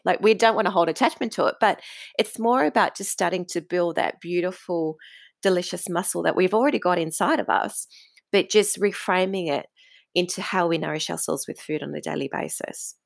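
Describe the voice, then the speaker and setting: In a dry recording, a podcast guest who works as a food coach chats casually, her low-leaning voice brisk and touched with vocal fry. She talks in an emphatic, flowing way, leaning heavily on fillers like "like" and "you know."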